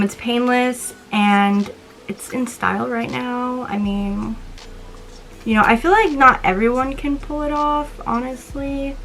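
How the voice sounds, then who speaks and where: A woman's voice: fairly high pitch, a bit bright, low-quality recording. A young woman-voiced speaker in their twenties with a slight lisp, rambling in a casual vlog chat. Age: 20s. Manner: rambling, chatty, casual swearing. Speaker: vlogger.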